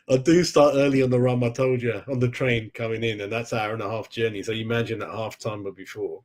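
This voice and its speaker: A man's voice: medium pitch, fairly quick, darkish tone. A man hosting a football fan channel, chatting casually with live-stream viewers, laughing often and calling everyone mate.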